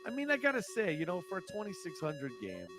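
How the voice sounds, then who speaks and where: A man hosting a retro gaming livestream and narrating a playthrough, excitable and yelping as he plays. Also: sits high, fast, faint music behind. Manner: excitable, yelps and shrieks while gaming. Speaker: livestream host.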